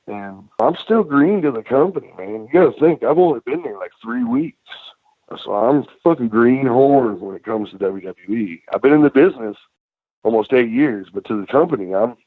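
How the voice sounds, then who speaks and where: This mid-range male voice belongs to a former wrestler telling stories from the road during a casual podcast interview. Cursing freely, he animatedly performs other people's quotes, and the recording is dry with a narrow, phone-like quality.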